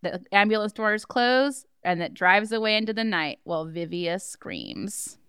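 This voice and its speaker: Slow, smooth woman recapping a movie. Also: mid-range voice, lively intonation, fairly bright tone, no echo, studio quality. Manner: retells plot with frequent laughs and sarcastic asides. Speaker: podcast co-host. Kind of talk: casual movie recap chat.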